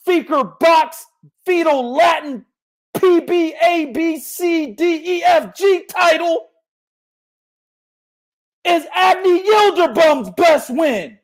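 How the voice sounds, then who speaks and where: A man hosting a boxing podcast in a loud, profane rant. He shouts his points and swears freely, with no letting up. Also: very high-pitched. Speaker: podcast host.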